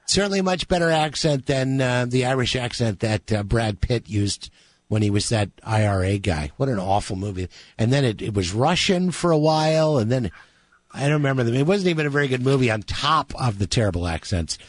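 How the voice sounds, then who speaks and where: A man's voice: mid-range voice, animated, brisk, dry recording. A man hosting a radio music show, chatting casually and joking with his guest. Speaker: radio host.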